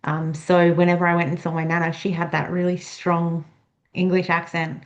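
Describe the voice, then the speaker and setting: A woman's voice: lowish voice, flat delivery, moderate pace, lo-fi sound. A woman interviewer hosting a casual talk, chatting in a friendly way and asking questions. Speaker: interviewer, host.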